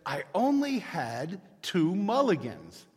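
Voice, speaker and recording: A man voicing a golfer husband who calmly explains himself away, recorded in an echoey church. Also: high-pitched, takes it slowly, breathy edge, voice pushed up, heavily acted. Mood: sheepish. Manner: matter-of-fact, excusing himself. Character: sheepish husband home from golf.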